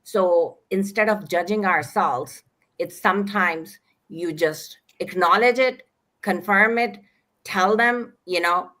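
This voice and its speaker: A woman on a virtual panel speaking reflectively, pausing to search for words. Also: lowish voice, fairly bright tone. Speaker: summit speaker. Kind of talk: panel discussion. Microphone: video call.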